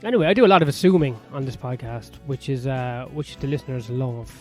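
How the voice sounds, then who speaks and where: A man's voice: mid-range voice, brisk. A man with an Irish accent hosting his own podcast, rambling through a crude, sardonic comedic monologue full of swearing. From Ireland. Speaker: podcast host. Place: sauna-area home in west London. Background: soft piano music.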